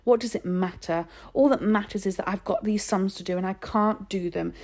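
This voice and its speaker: A woman's voice: mid-range voice, normal speed, darkish tone, lightly acted. A woman voicing a scared, anxious younger boy who pleads as if close to tears in a storybook reading.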